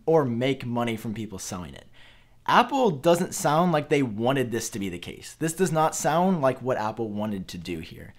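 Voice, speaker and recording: A young man who hosts a tech channel talks to camera about a cancelled gadget, earnest and rambling, with fillers and restarts. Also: mid-range voice. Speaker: tech YouTuber. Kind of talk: talking-to-camera tech commentary.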